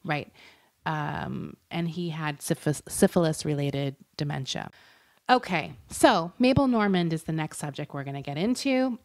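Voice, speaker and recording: A woman with a low, slightly mellow voice and lively intonation co-hosts a podcast, unhurriedly telling a true-crime story. Her delivery is chatty and casual, packed with fillers and frequent laughs.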